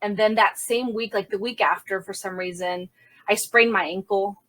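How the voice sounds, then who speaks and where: A young adult woman, a crime scene investigator, telling a candid story in an interview and acting out the quotes loudly. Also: mid-range voice, normal speed. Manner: animated, acts out quotes loudly.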